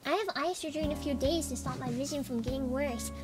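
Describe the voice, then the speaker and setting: A woman's voice: sits high, quick pace, over music. A woman chatting casually while streaming a game. She tells stories in a chatty way and giggles often. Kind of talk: casual chat while gaming.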